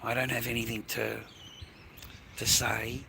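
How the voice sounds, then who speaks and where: A man's voice: medium pitch, flat delivery, unhurried, gravelly, noisy background. An Australian man rambling through a live-stream monologue, swearing constantly and sounding aggrieved, outdoors in an industrial area. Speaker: livestreamer.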